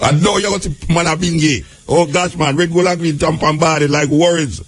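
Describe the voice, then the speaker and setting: A man's voice: on the high side, steady tone, a little fast. A Jamaican man hosting a talk show, reading a legal text aloud and breaking into loose patois asides. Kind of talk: reading a law aloud with commentary.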